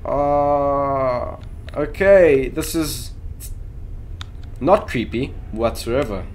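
A man's voice: medium pitch, drawn-out words, slight background noise. Jumpy young man commentating horror games. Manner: jumpy, yelps and shouts at scares, says "yo" a lot. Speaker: gaming youtuber.

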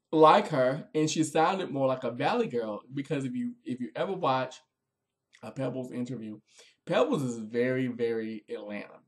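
Male vlogger, casual review delivery, animated and conversational, mid-range voice. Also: mid-range voice. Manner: chatty and expressive, with frequent fillers.

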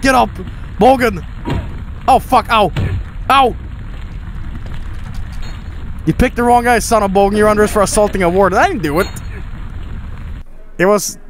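Young male streamer, high lively voice, faint background hiss; excitable, sweary let's-play commentary. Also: a little fast, pauses often. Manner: excitable, swearing, laughing, reading game lines aloud.

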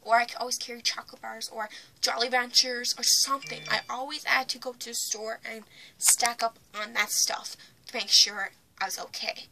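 A young woman talks to her camera in a bright, fairly high voice, retelling a personal story in a blunt, plain way. She often sinks into a whisper and then comes back loud. A faint hum of room noise sits behind her. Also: steady tone, normal speed, gravelly. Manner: blunt, retelling with swings in loudness. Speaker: vlogger.

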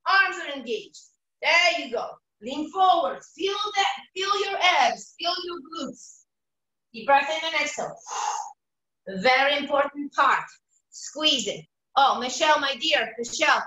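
A high-pitched woman with a bright, forceful voice coaches a workout over a video call, energetically counting reps and giving form cues. She sounds set back from the mic in an echoey room. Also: expressive, a little slow, far from the mic. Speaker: fitness instructor. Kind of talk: live online workout coaching. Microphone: video call, away from the mic.

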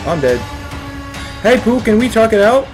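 A young man giving panicky let's-play commentary on a horror game, yelping and shouting when scared. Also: sits high, big pitch swings, moderate pace. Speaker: gaming streamer. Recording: game music playing loudly behind.

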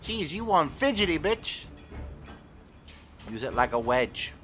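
A man's voice: a little high, sing-song, slow, a bit bright, soft background music. A man giving gameplay commentary, frustrated and swearing as he talks to objects in the game. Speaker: gaming YouTuber.

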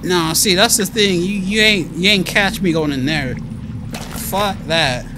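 A man commenting on his own horror game play, jumpy and foul-mouthed, talking to himself and shouting when scared. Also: high-pitched, unhurried, background noise. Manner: jumpy, profane, talks to himself. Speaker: gamer.

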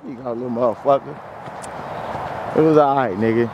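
A man's voice: mid-range voice, steady tone, a little fast, dull audio. A man coaching football drills outdoors, blunt and profane, calling out moves and sound effects. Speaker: football trainer. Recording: outdoor traffic noise.

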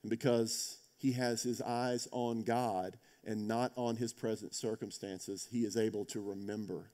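Mellow-voiced male preacher telling a story. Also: lowish voice, steady tone, unhurried. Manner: storytelling preacher, swings between loud emphasis and quiet intensity; conversational, asks "right?". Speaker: pastor. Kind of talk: sermon.

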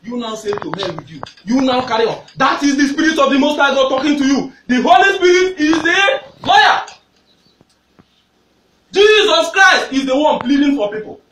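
A man with a Nigerian accent preaching a fervent sermon, shouting at the peaks and repeating his phrases. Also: very high-pitched, lively intonation, normal speed, a little hiss or hum. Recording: echoey, distant hall recording.

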